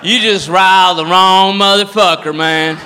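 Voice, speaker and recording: Comedian doing a drunk, boasting redneck brawler. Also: male voice, high voice, fairly even intonation, a little slow, bright, forceful tone, long reverb tail, slight background noise. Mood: boastful. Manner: swaggering, threatening, repeats "man".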